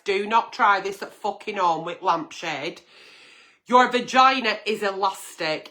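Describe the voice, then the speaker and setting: A woman's voice: mid-range voice, pushed and bright. A woman hosting a late-night agony-aunt stream, answering viewer letters bluntly and frankly, swearing freely. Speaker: host reading viewer letters.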